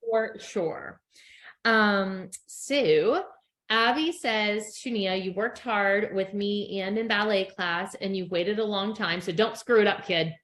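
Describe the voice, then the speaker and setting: A woman's voice: mid-range voice, slow pace, a bit bright. A middle-aged woman co-hosting a podcast in casual chat, telling stories and acting out quotes with frequent laughs. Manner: chatty storyteller acting out quotes, laughs often. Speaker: podcast co-host. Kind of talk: casual chat recapping a reality show.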